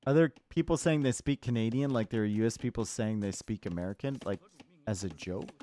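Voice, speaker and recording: A tournament caster provides live commentary on a strategy-game match, staying laid-back and chatty as he teases his live chat between plays. His voice is on the low side, brisk and mellow, with slight background noise.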